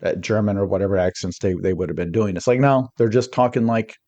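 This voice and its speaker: A man talking as a podcast guest, energetic and rambling, often restarting his sentences mid-thought. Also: lowish voice, quick pace. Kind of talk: casual podcast discussion.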